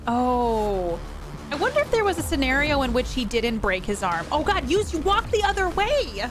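A woman's voice: high-pitched, very animated, normal speed, over loud music, rough recording. A woman streamer giving live commentary on a game, laughing hard and exclaiming at the screen. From US East Coast.

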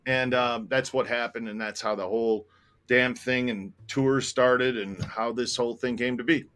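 A man's voice: medium pitch, steady tone, normal speed, fairly bright tone, clean tone. A man telling a personal story in casual chat, candid and rambling, swearing freely and growing emotional. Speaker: tour operator telling a story.

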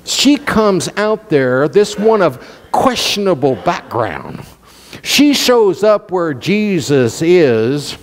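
High-voiced animated male preacher. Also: slow pace. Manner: animated preaching, sweeping pitch swings. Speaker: pastor. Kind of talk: sermon. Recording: long reverb in a church hall.

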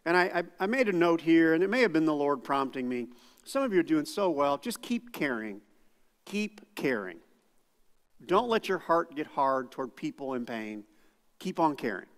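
A middle-aged male pastor preaching a sermon, moving from quiet asides to loud outbursts. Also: fairly high pitch, very animated, a little fast, big-room sound. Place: church sanctuary.

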